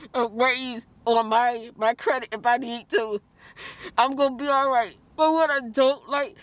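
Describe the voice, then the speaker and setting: A high-voiced woman vlogs in a heated, emotional rant. She talks fast and gets tearful, breaking off to quote other people. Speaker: vlogger.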